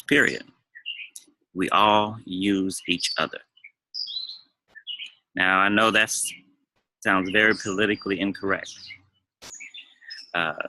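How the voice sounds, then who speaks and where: A man's voice: fairly low pitch, gravelly, bright, forceful tone, rough recording. A man talking as a dating coach, giving emphatic advice and repeating phrases to drive points home. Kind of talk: advice monologue to camera.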